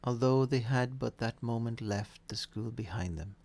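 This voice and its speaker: A man reading a classic story aloud in a measured, expressive way. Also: mid-range voice. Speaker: audiobook reader. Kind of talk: storybook narration.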